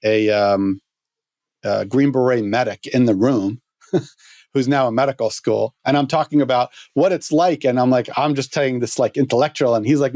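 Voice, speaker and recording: Male podcast guest, storytelling, halting, restarts, mid pitch, dry sound. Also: a little mellow, no echo. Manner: halting, with many restarts and fillers.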